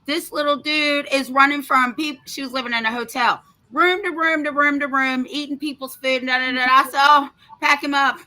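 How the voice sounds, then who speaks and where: A woman in her fifties, a podcast host telling a story in a casual chat, animated, blunt and feisty, swearing freely. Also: sits high, a little fast, hardly any pauses. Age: 50s.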